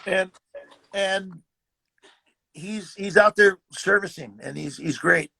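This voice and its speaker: An older man tells stories in a casual, animated way, acting out the lines of people he talks about. His voice sits high and gravelly, with a husky, bright edge. He often repeats words as he goes. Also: takes it slowly. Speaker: guest actor. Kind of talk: casual storytelling.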